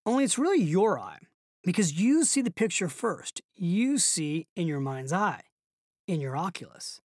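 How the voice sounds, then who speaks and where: A woman's voice: on the low side, very animated, darkish tone, no echo, clean studio sound. Woman voicing a musing elderly barista. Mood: explaining. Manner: slow, thoughtful, old-school.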